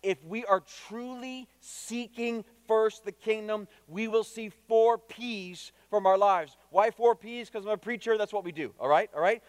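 High-voiced emphatic male preacher. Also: a little slow, hardly any pauses, clear, resonant tone, dry recording, long reverb tail. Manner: emphatic, repeats key phrases, asks the congregation direct questions. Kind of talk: sermon. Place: church.

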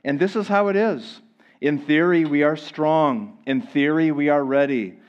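Chatty, animated male preacher. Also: a little high, measured pace, highs cut off. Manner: chatty, filler-heavy, animated with audience asides. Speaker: pastor. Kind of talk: conversational sermon.

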